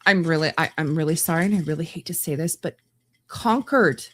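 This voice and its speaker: This is a woman podcast host from Canada who talks alone in a blunt, exasperated way. She often stumbles and restarts her sentences. She speaks in a slightly lower register than most women. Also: brisk, fairly bright tone. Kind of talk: opinionated solo commentary.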